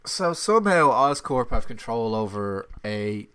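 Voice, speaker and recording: A man's voice: medium pitch, sing-song, a little slow, sharp tone, clear, resonant tone. A man co-hosting a casual film commentary, sarcastic and exasperated, often mimicking the characters.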